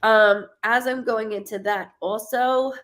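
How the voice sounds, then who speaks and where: A woman in her thirties giving a live-streamed psychic reading, halting and stuttering, often repeating words as she searches. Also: on the high side, fairly even intonation, a bit bright. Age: 30s.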